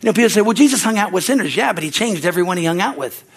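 A man preaching a sermon, fervent, often breaking in with hallelujah and amen, moving between loud rises and quiet low asides. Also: expressive, racing, slightly rough. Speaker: pastor.

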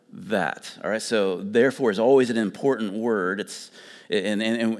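A man's voice: fairly low pitch, big-room sound. A pastor preaching a conversational sermon, often restarting and repeating words as he explains.

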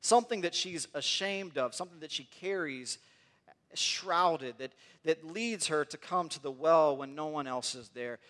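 A man's voice: on the high side, measured pace, a bit bright. A man preaching a sermon in an earnest way, often repeating words as he builds toward a point.

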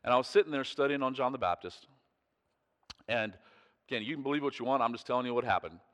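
A man's voice: medium pitch, fast talker, a bit bright. A male pastor preaching in a chatty, storytelling way, often breaking off mid-thought and chuckling. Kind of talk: conversational sermon storytelling. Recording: long hall reverb.

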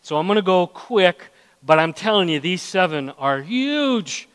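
Slow high-voiced preacher in a reverberant hall. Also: male voice, big pitch swings, fairly bright tone, clear, resonant tone. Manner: preaching with acted inner voices and questions to the congregation. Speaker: pastor. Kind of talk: sermon. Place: church hall.

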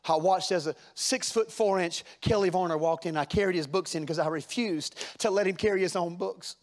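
A man's voice: sits high, a little fast. A man preaching a sermon, folksy and plain-spoken, building to fervent rhetorical questions. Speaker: pastor.

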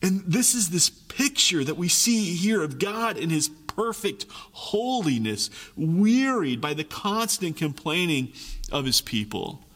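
Animated male preacher in a large hall. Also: high-pitched, measured pace. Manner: animated, acts out voices of complaining people. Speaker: pastor. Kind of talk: sermon.

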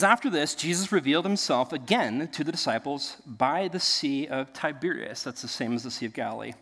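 A male pastor preaching a sermon, telling the story in a lively way and acting out the voices of the people in it, with laughs along the way. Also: medium pitch, gravelly. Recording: long reverb of a large hall.

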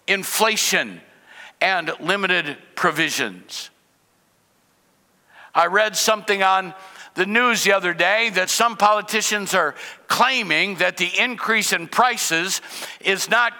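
A man's voice: high-pitched, gravelly, sharp tone, in a large hall. An older man preaching a sermon in a conversational way, asking rhetorical questions and mixing in humor. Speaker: pastor.

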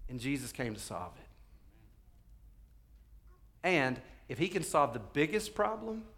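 A male pastor preaching a sermon, swinging from quiet pleading to fervent shouting. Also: medium pitch.

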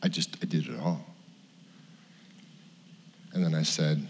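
A man's voice: rumbling low, unhurried, creaky, long pauses, breathy edge. A middle-aged male pastor telling a personal story in a sermon, candid and confessional, acting out what people said. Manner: candid, confessional, acts out quotes. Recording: long hall reverb.

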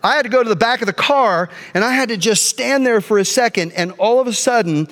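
A middle-aged male pastor telling a personal story in a sermon, animated, jumping between quiet asides and loud outbursts. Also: very high voice, brisk. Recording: long hall reverb.

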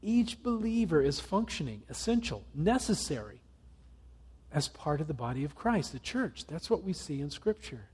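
A male pastor delivers a sermon in an earnest, measured way. His voice sits a little high yet sounds soft and mellow. It has a gentle huskiness. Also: big pitch swings, husky. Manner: earnest, reads passages aloud with pauses.

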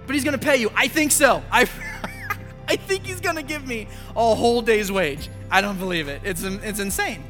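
A high, bright male voice preaching to a congregation, jumping into playful dialogue as he tells his stories. It rings out in a large, reverberant hall, with soft music under him. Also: normal speed. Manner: animated storytelling, acting out dialogue. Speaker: pastor. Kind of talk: sermon. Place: church sanctuary.

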